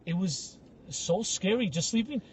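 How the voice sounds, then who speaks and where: A young man co-hosting a podcast, telling animated comic stories and acting out the people in them. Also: high-pitched, measured pace, slightly rough. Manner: animated, acts out voices in anecdotes. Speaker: podcast co-host. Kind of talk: casual comedic storytelling.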